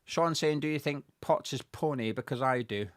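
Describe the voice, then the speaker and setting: A man of middle pitch hosts a relaxed fan chat and reads out viewer comments in a steady, measured way. He pauses on the odd hesitant filler. The sound is dry and close, with no room around it. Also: clear, resonant tone, dry recording. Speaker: fan channel host reading viewer comments. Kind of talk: casual live watch-along chat.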